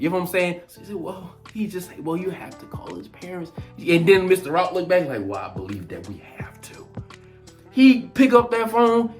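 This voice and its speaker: A man in his twenties telling a childhood story in an animated, slangy vlog style. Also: high voice. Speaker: vlogger.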